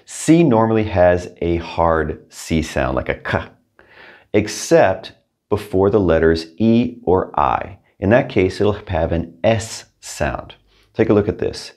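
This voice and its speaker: Male language teacher, deep voice, patient and clear, slow repeated example words. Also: expressive, darkish tone. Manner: patient, clear, repeats each word twice. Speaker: Spanish teacher. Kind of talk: scripted language lesson.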